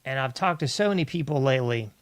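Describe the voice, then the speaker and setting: A man's voice: mid-range voice, animated, quick pace, clean tone, no room sound. A male host giving an exasperated, ranting political commentary monologue, often addressing his listeners as "folks".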